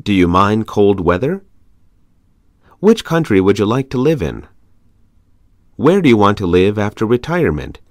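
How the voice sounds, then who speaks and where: A man with a fairly low voice reads conversation practice questions for an English lesson at a steady pace. His intonation rises and falls in a lively way on each question. The recording is dry and close. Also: dry recording. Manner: measured, evenly paced question reading. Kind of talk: reading practice questions aloud.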